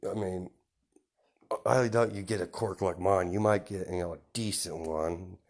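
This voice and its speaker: A man's voice: low-pitched, fairly even intonation, moderate pace. A man voicing an arrogant young boy who looks down on his friend. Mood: smug. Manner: boastful, condescending.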